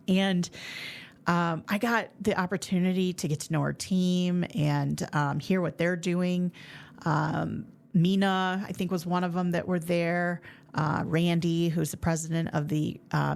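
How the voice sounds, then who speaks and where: A woman podcast host telling a faith story in a chatty, animated way, full of fillers and restarts. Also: on the low side, creaky. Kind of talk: casual faith testimony storytelling.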